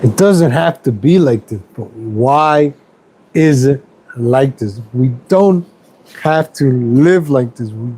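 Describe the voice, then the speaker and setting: A man's voice: mid-range voice, animated, takes it slowly, dark tone, husky, rough recording. A middle-aged man ranting on a casual home stream, rambling and repeating himself, angry at everything. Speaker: YouTube streamer. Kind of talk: casual political rant stream.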